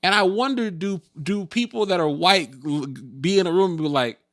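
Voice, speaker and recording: A man's voice: high-pitched, normal speed, dry recording, studio quality. A man co-hosting a podcast, chatting casually and telling stories in a loose, colloquial way. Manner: animated, storytelling, colloquial. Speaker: podcast co-host. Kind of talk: casual chat.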